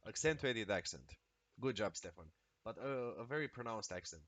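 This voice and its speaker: A man streaming a video game, talking casually and excitably with lots of swearing and exclamations. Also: on the low side, moderate pace, no echo. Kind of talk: casual live-stream commentary while playing.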